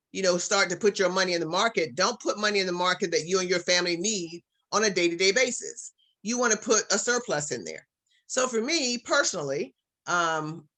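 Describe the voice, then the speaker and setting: A woman's voice: fairly low pitch, fairly bright tone. A woman business coach giving a casual online presentation, upbeat and encouraging, talking to her audience like family.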